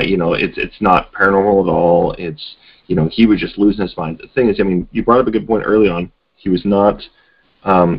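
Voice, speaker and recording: A man with a very deep, husky voice co-hosts a casual podcast chat, thinking aloud in loose, speculative run-on sentences. The recording is dull and lo-fi. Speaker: podcast co-host.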